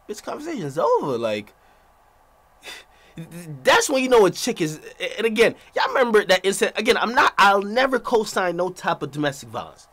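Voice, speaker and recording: A man streaming a reaction video, ranting profanely with loud asides. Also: sits high.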